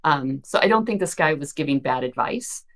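A woman's voice: low-pitched, expressive, normal speed, a bit bright. A woman co-hosting a podcast, explaining things thoughtfully at length, often restarting her sentences. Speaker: podcast co-host. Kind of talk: casual discussion of search marketing news.

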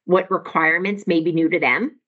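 A woman's voice: lowish voice, steady tone, fairly quick, lo-fi sound. A woman in her forties talking with enthusiasm as a podcast guest, chatty and upbeat. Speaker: podcast guest, tax software professional. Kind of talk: podcast conversation.

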